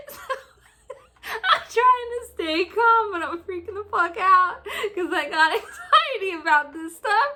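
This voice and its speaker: A young woman with a high, bright voice tells a story in a casual, unscripted way. She breaks into laughter and near-tears again and again, and curses freely. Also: measured pace. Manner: laughing through the story, crying-laughing, swearing often. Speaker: vlogger telling a story.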